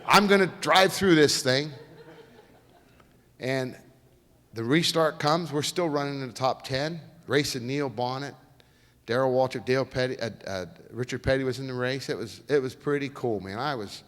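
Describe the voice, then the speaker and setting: A man's voice: mid-range voice, unhurried, long pauses. A middle-aged man, telling folksy stories as a guest speaker at a lecture. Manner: folksy, lively, acts out quoted voices. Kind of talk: storytelling lecture. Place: lecture hall. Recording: reverberant lecture hall.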